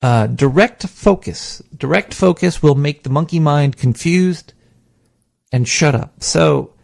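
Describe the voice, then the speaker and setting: This man's slightly high voice has vocal fry, and he takes his time. Hosting a podcast with a studio mic, he rambles and swears while discussing meditation and self-hypnosis, animatedly mimicking his inner voice.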